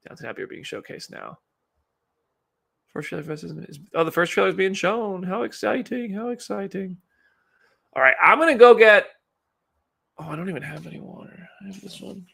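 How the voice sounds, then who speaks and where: A man hosts a casual live stream with a gravelly, slightly high voice. He talks in a rambling, chatty way and pokes fun at himself as he comments. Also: normal speed, a bit bright. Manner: rambling, chatty, self-deprecating. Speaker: livestream host.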